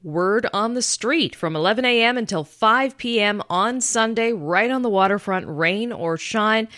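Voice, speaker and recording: A woman co-hosting a radio show, chatting and reading out local events with many "uh" pauses. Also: medium pitch, fairly bright tone, dry recording, studio quality. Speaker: radio co-host. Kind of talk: radio chat and event announcements.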